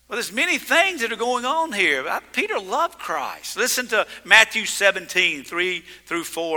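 High, bright-voiced male preacher. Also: big-room sound. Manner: emphatic preaching, swinging from loud to hushed. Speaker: pastor. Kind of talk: sermon.

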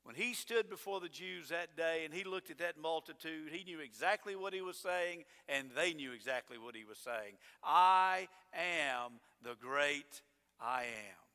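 A middle-aged man preaching a sermon as pastor, swinging from loud emphatic declarations down to low, quiet asides. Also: expressive, normal speed, few pauses. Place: church sanctuary. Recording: long church hall reverb.

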